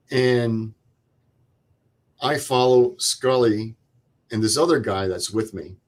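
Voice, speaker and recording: Older man telling a war story. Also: mid-range voice. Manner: plain vivid retelling with quoted dialogue and pauses. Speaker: veteran guest. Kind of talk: interview storytelling.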